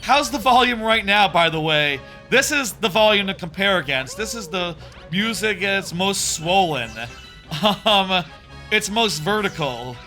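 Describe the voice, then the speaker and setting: A man in his thirties chats casually on a live stream while playing, with faint game music in the background. His high, bright, forceful voice has lively intonation and an unhurried pace, and he rambles with many fillers and restarts.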